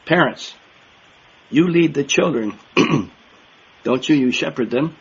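A man's voice: mid-range voice, animated, slow pace, pauses often, slightly rough, lo-fi sound. An older man giving an earnest, emphatic sermon to a congregation, repeating key words for stress. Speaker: minister.

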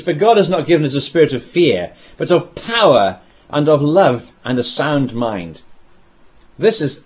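A man preaching a sermon, telling a scripture story with dramatic pauses and repeated phrases. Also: a little high.

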